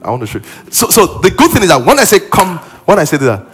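A man's voice: fairly high pitch, wildly swooping pitch, racing, breathy edge. A man preaching a sermon as pastor in a church auditorium, building to exclaimed emphasis.

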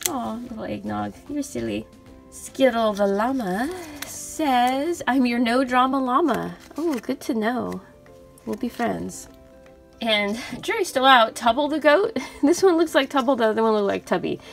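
A young woman hosting a toy unboxing video, gushing softly over each cute plush and reading out their names. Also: on the high side, expressive, unhurried, vocal fry, faint music behind. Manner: gushing, soft and cooing over cute toys.

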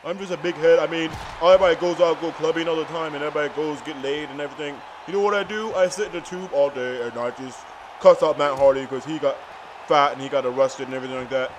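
A man's voice: fairly high pitch, fairly even intonation, fast talker, lightly acted. A man voicing a depressed, foul-mouthed giant floating head who rambles crudely and feels sorry for himself. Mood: self-pitying. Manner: crude, rambling and self-pitying. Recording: noisy outdoor recording.

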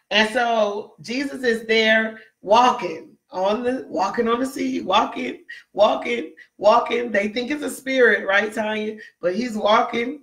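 A woman's voice: mid-range voice, a bit bright. A woman preaching a Bible teaching to an online audience, emphatic and repetitive, tagging her points with "right?" and greeting viewers by name. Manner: repetitive, keeps asking "right?"; emphatic, acts out quotes in raised voices. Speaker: preacher in a ministry.

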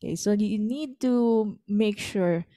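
A woman's voice: mid-range voice, takes it slowly, mellow, dry recording, studio quality. A woman teaching an online singing lesson over a video call, patiently coaching her student through a song's lines. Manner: patient, demonstrates lines by speaking and singing them.

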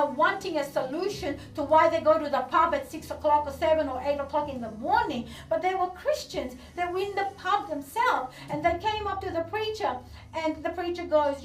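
A woman pastor delivering a sermon, preaching with fervent rhetorical questions and repeated words. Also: high voice. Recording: echoey room from a distance with faint music.

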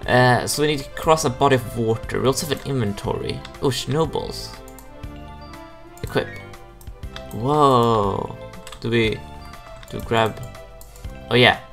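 A young man hosting a gaming video, giving casual gameplay commentary with frequent excited exclamations and giggles. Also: mid-range voice.

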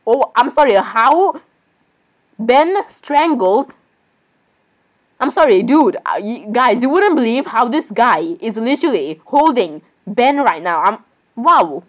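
A young woman with a fairly high voice gives casual gaming commentary. She rambles and sounds exasperated with the other players. She keeps apologizing as she talks. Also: animated, a little slow, low-quality recording. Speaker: gaming vlogger.

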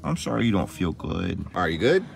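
A man's voice: low-pitched, very animated, fairly quick, gravelly, heavy background noise. A man hosting a casual farm vlog, chatty and laughing often, cooing at his animals. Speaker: vlog host. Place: outdoors on a farm.

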